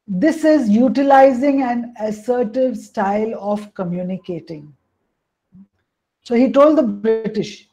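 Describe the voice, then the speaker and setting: A woman's voice: on the high side, unhurried, dark tone, highs cut off. A woman coach presenting a webinar on emotions, explaining at length and often saying "you know" and "hey, listen" over a call.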